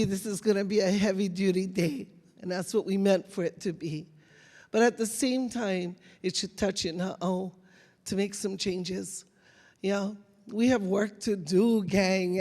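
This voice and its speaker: A man speaks in a high voice, heartfelt and a little choked up as he addresses the audience. His words carry a long echo through a big hall. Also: darkish tone. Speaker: event organizer. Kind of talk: thanking a speaker and announcing a break. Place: large hall.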